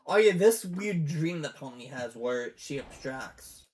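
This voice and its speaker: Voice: mid-range voice, expressive, a little slow, a little mellow, faint music behind. A fan commentator in a rambling, casual show breakdown who swears often and gets teary.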